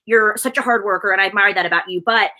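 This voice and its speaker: Fast, bright-voiced chatty woman. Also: mid-range voice. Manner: chatty, effusive, laughs often. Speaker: presenter and guest. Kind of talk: casual video interview chat.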